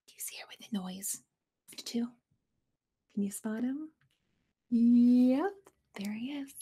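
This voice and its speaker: A woman's voice: fairly high pitch, slow pace, warm tone, husky. A young woman reading a picture book aloud to children, stopping to ask them questions about the pictures. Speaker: school staff reader. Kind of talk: children's storytime read-aloud.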